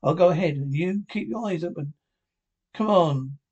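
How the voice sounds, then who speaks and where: A man reading a drama script aloud, naming each speaker and reading the stage directions in a flat, halting way. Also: high voice, husky, muffled recording.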